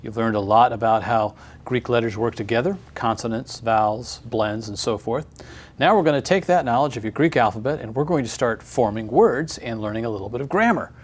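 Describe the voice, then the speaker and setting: A man's voice: mid-range voice, fairly quick, slightly rough. A man teaching a recorded grammar lesson, friendly and upbeat, explaining step by step.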